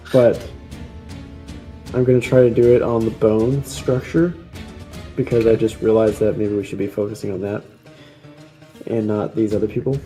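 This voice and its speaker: A man's voice: medium pitch, dark tone. A man playing a tabletop game, thinking aloud as he plans his character's moves. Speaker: player.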